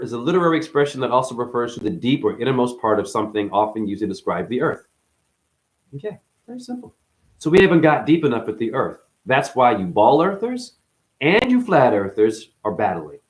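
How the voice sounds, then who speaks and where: A man hosting a rambling esoteric monologue, jumping between wordplay and sudden loud and soft swings, calling his listeners honey. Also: mid-range voice, big pitch swings, fairly quick. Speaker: channel host.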